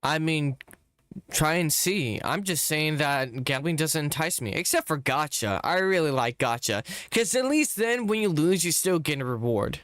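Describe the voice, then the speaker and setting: A young man streaming and talking to an AI character, blunt and deadpan, picking apart what it says with pointed questions. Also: a little high, normal speed, no room sound, clean studio sound. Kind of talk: casual live-stream chat.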